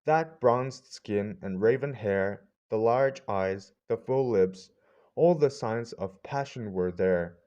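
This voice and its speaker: A man narrating a story in a measured, wistful storytelling manner, in a slightly muffled recording. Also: on the low side, dark tone. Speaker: audiobook narrator. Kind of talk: scripted narration.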